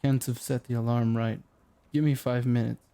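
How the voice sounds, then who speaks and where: A man voicing a gruff, terse ex-army detective. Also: mid-range voice, little pitch movement, normal speed, warm tone, natural voice. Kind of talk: audiobook character voice.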